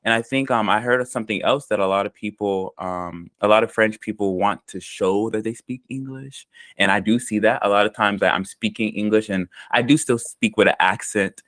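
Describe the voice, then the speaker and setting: An American man telling stories about his experiences in a relaxed, rambling interview manner, full of ums and likes. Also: fairly low pitch, brisk, no room sound. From United States. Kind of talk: casual conversational storytelling.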